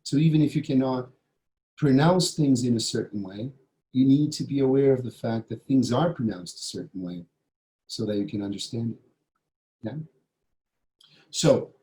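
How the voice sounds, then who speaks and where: A man from Brazil, a teacher trainer, giving an online conference presentation. He speaks emphatically and often checks in with a quick "yeah?". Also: mid-range voice, mellow, rough recording.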